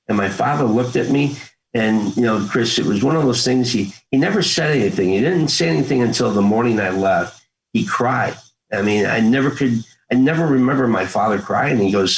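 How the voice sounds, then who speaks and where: An older man in his sixties talks through his memories as an interview guest. He is earnest and folksy, and he slips into the voices of family members as he retells old talks. His voice sits a little low. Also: animated, moderate pace, a little hiss or hum, poor audio. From United States. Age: 60s. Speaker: interview guest, former Marine. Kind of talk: conversational storytelling.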